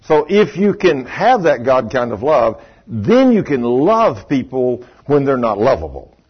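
A man's voice: medium pitch, big pitch swings, a little slow, husky. An older man, a pastor telling a story in a sermon in a folksy, chatty way and chuckling often as he talks to the congregation. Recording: muffled lo-fi sermon recording.

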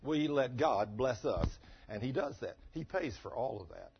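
A man preaching a sermon in a church, folksy and emphatic, swinging from loud to quiet. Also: medium pitch, expressive, moderate pace, creaky. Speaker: pastor. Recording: dull lo-fi sermon recording.

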